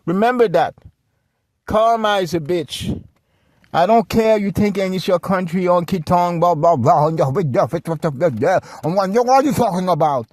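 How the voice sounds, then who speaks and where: A man's voice: sits high, animated, moderate pace, a little mellow, no echo. Agitated rambling male podcast host. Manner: agitated, rambling, many restarts and asides. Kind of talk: ranting solo commentary.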